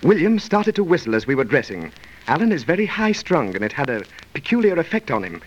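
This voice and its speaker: An actor playing an earnest young stage actor and loyal friend in an old-time radio drama. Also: male voice, on the high side, big pitch swings, brisk. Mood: explaining. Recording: dull lo-fi old radio recording.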